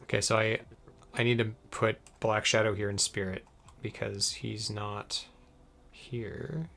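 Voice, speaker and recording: Gravelly-voiced man chatting on a stream. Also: fairly low pitch, level tone, unhurried, fairly bright tone, a little hiss or hum. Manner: giggly, muttering to himself while he works. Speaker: streamer editing a podcast. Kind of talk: casual live-stream chat.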